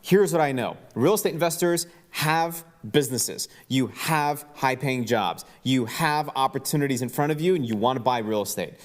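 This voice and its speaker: Guy hosting a podcast, jokey and loose, lots of uhs, mid pitch. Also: normal speed, few pauses. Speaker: podcast host.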